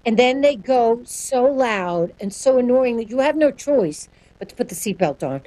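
Appearing as a sonic branding guest in an interview, a woman answers quickly and animatedly, laughing often. Her voice is on the high side, and the recording is rough.

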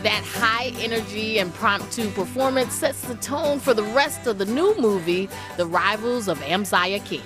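A woman radio host presenting a scripted arts segment and starting an interview, in a clear, friendly manner. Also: medium pitch, animated, moderate pace, hardly any pauses, music in the background.

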